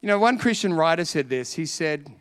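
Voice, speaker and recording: A man preaching a sermon, telling a story with animated acted-out voices and frequent laughter. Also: a little high, fairly quick, smooth. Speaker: pastor.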